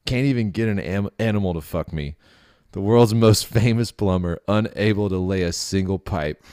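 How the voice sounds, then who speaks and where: A man voicing a crude, bitter aging male video game plumber in a muttering, low-key way. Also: normal speed, darkish tone, clear, resonant tone, dry recording, clean studio sound, lightly acted.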